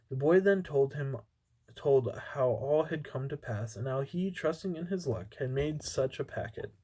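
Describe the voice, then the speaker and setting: A man reads an old fairy tale aloud at an ordinary pitch. His delivery is unpolished, and he trips over words and starts phrases over again. He sounds like an amateur reader rather than a trained narrator. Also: moderate pace, mellow, rough recording. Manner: unpolished, with stumbles and restarts.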